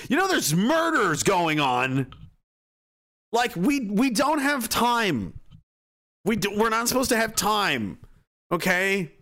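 A man ranting in a profane comedic style, excitable and mocking as he swears his way through the bit. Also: sits high, slow, pauses often.

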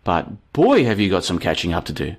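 A man hosting a live-stream podcast, talking casually and reading chat, with an animated, rhetorical way of speaking. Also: low voice, fairly quick. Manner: chatty, animated, rhetorical questions.

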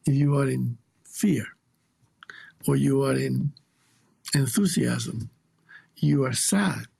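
A man's voice: a little high, vocal fry, dark tone, slightly rough. A man with a Chilean Spanish accent, a guest teacher speaking reflectively and emphatically in an interview, often repeating words for stress.

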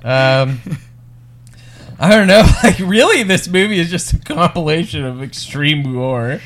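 A man co-hosting a casual movie podcast, laughing often and acting out scenes in quick put-on voices. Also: fairly high pitch, animated, fairly bright tone. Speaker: podcast co-host. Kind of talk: casual film review chat.

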